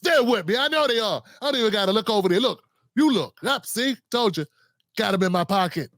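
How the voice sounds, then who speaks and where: A man putting on a condescending, folksy older male politician in a hushed, mocking impression. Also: high-pitched, lively intonation, fairly quick, no room sound, clean studio sound. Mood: smug.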